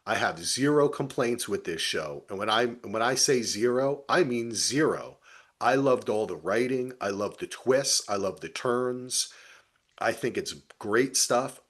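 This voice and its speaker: A man co-hosting a podcast, telling stories in a relaxed, enthusiastic, casual way. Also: mid-range voice, a little slow. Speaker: podcast co-host. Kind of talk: casual chat.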